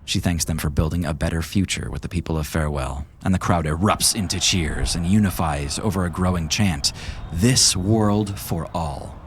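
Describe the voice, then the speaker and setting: A man narrating a tabletop game as game master, in a measured, descriptive way. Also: low-pitched, a little hiss or hum.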